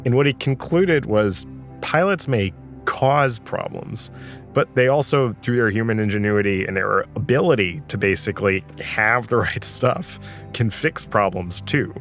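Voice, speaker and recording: A man's voice: lowish voice, animated, measured pace, a bit bright, soft background music. A man hosting a podcast, talking in a reflective, casual way and laughing easily. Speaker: podcast host.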